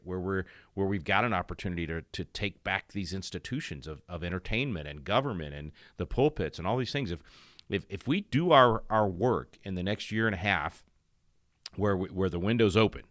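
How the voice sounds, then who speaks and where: A man's voice: deep voice, a bit bright, no echo, clean studio sound. A man hosting a talk radio show, speaking off the cuff with frequent restarts and filler words. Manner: halting, full of restarts and fillers.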